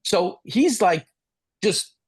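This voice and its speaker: A man's voice: sits high, extremely slow, husky. A middle-aged man speaking as the expert at a business talk, telling a story and acting out the dialogue. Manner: animated, acts out dialogue.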